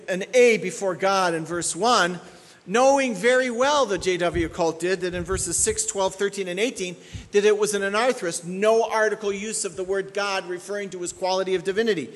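Male pastor, higher-pitched voice, emphatic teaching delivery, long hall reverb. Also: fairly quick, fairly bright tone. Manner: emphatic, repeats key points for stress. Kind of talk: expository sermon.

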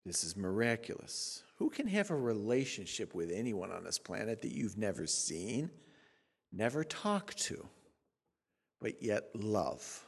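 A man in his sixties preaching a sermon as a pastor in an animated, sarcastic, conversational way. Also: fairly low pitch, unhurried, vocal fry, breathy edge. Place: church sanctuary. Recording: reverberant church sanctuary.

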